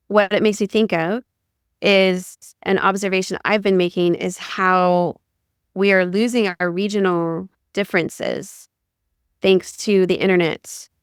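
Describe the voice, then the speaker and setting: A woman's voice: mid-range voice, clean tone, dry recording, studio quality. A middle-aged woman from Ohio co-hosting a podcast, chatting casually and rambling with many "like"s. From Ohio, USA. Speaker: podcast co-host. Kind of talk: casual conversation.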